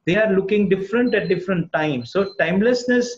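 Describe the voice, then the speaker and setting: A man from India speaks as a guest architect over a video call, earnest and rambling, with plenty of fillers. His voice sits a little high. The call audio is muffled and lo-fi. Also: a little fast. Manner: earnest, discursive, frequent "uh" fillers. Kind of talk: webinar Q&A answer.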